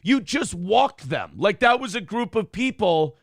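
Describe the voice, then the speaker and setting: Animated, profane male morning show host. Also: sits high, unhurried, no echo, studio quality. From Minnesota. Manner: animated storyteller, swears, acts out quotes. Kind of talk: casual storytelling chat.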